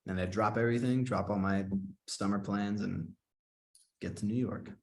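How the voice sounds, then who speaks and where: A man in his twenties, an actor and singer, telling a story in a casual interview and quoting himself in excited bursts. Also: on the low side, normal speed, vocal fry.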